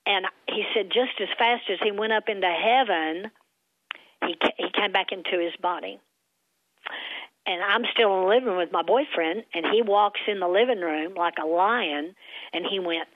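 Female interview guest, animated storyteller, narrow phone-like audio. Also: mid-range voice, moderate pace, dry recording. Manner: animated, acts out her father's voice in quotes. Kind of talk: personal faith testimony storytelling. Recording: tinny phone-like sound.

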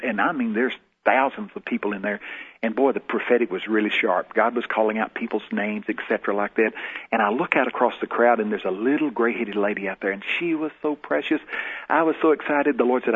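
A man's voice: on the low side, slightly rough. A man, a guest minister, telling a testimony in a folksy storytelling way. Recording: tinny phone-like radio broadcast.

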